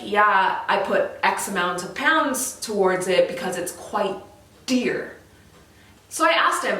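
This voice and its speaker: A young Canadian woman with a Canadian accent, chatting to camera in a relaxed vlog style, laughing often and trailing off mid-thought. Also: mid-range voice, far from the mic. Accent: Canadian English. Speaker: vlogger. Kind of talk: casual chat to camera. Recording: very echoey room, voice from off-mic.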